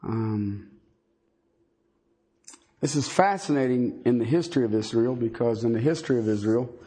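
A man teaching a Bible sermon in a halting, conversational way, with many fillers and folksy asides. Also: mid-range voice, mellow, slightly rough. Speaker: preacher.

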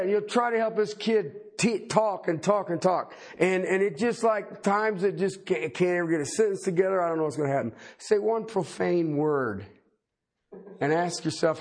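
A middle-aged man preaching a sermon in a folksy, animated way, with joking asides. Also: high voice, normal speed. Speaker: pastor.

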